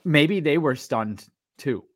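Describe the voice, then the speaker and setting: A man tells a story in relaxed podcast talk with a higher-pitched voice. He is animated and acts out the lines of the people in his story. His manner is loose and conversational. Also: slow pace, breathy edge. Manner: animated, acts out what others said. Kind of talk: casual storytelling.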